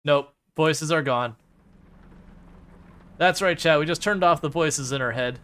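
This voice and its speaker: A man's voice: fairly high pitch, measured pace, fairly bright tone, clear, resonant tone. Chatty man streaming a truck game. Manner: chatty, rambling, full of fillers, playfully mocks the game. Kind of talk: casual live-stream chat.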